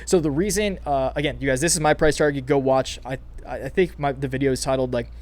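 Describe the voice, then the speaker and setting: A young man hosting casual crypto market commentary, excited and hyped, with frequent restarts and calls to "you guys". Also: mid-range voice, fast talker. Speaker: crypto channel host.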